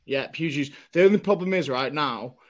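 A man's voice: fairly high pitch, fairly quick. A man, co-hosting a casual podcast and telling self-mocking stories. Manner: chatty storyteller, self-mocking, puts on voices in anecdotes. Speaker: podcast co-host. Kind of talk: casual chat.

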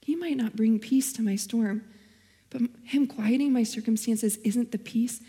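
A woman's voice: a little high, unhurried, dark tone, in a large hall. A young woman giving a sermon as a guest speaker, telling her own story earnestly and quoting scripture. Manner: earnest, personal storytelling with Bible quotes.

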